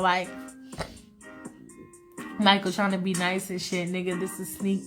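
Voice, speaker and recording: A woman retelling a comic fan-fiction story casually, animated and profane with asides to listeners. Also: mid-range voice, measured pace, pauses often, faint music behind.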